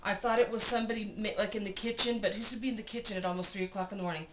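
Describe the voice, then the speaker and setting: A woman's voice: mid-range voice, racing. Woman telling a breathless story in a roomy cabin. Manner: animated, breathless retelling; repeats phrases for emphasis. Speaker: vlogger recounting an experience. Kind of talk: casual storytelling. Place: cabin room. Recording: roomy room with clear background noise.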